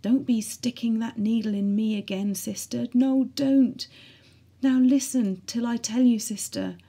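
A woman voicing a frail young Irish soldier in pain, who speaks in a soft, weak, whispery voice. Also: a little high, steady tone, measured pace, slightly rough, pitched above the performer's own voice.

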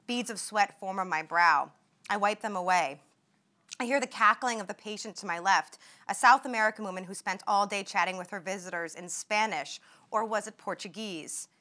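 A young woman reading aloud from her own memoir at a talk, in a measured, vivid way. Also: medium pitch, bright, forceful tone. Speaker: author and former patient.

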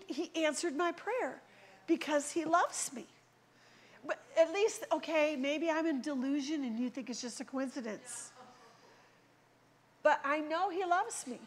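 A woman preaching a sermon in a church, telling stories with animated acted-out voices. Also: high-pitched. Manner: animated storytelling, acts out quoted voices.

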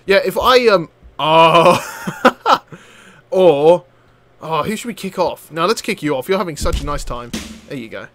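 Excitable bright-voiced male gamer. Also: high voice, moderate pace, soft background music. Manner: excitable, loud outbursts and swearing, frequent laughter; chatty, talks to enemies on screen. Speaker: gaming channel host. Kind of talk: let's play commentary.

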